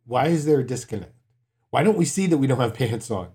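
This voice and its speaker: A man in his forties preaching a sermon, earnest, mixing stories with quiet, emphatic points. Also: mid-range voice, expressive, fairly quick, husky. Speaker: pastor.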